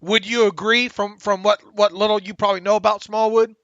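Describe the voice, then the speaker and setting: A man hosting a casual sports podcast, opinionated and halting, often restarting his sentences. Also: sits high, level tone, a bit bright, no echo, highs cut off. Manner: halting, opinionated, self-deprecating. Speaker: podcast host.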